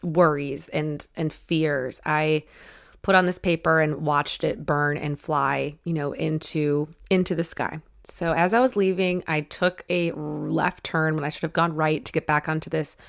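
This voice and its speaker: A woman's voice: sits low, fairly even intonation, unhurried, vocal fry, no echo, clean studio sound. A woman hosting a podcast, telling a personal story in a chatty, emotional way with lots of "like" and "you know.". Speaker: podcast host. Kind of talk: casual storytelling.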